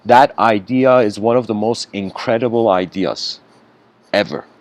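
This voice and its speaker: A man's voice: on the low side, moderate pace. Conversational male spiritual lecturer. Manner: conversational, frequent "you know" asides. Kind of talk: casual storytelling lecture.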